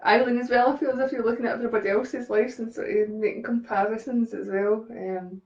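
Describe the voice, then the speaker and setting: A woman's voice: on the high side, steady tone, quick pace, darkish tone, roomy sound, lo-fi sound. A woman with a Scottish accent doing live psychic readings on a stream, chatting and laughing with viewers by name. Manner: chatty, laughs often, talks to commenters by name. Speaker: psychic medium.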